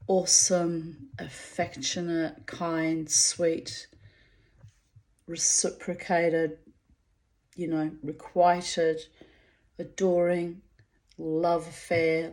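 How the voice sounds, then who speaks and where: A woman's voice: lowish voice, dark tone. A middle-aged woman rambles through a personal monologue in a chatty, self-mocking way. She breaks into laughter often as she talks. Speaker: vlogger.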